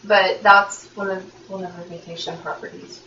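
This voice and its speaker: A woman's voice: medium pitch, little pitch movement, normal speed, bright, forceful tone, muffled recording. A woman co-hosting a podcast, chatting in an easygoing way and laughing often. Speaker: podcast co-host. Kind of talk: casual chat. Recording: echoey, distant room mic with faint noise.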